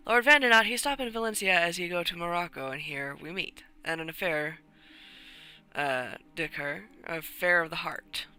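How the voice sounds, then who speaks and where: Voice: medium pitch, normal speed, sharp tone, clean tone, faint music behind. A streamer voicing a flirtatious Spanish countess in a put-on Spanish accent, with broken, dramatic English. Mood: wistful.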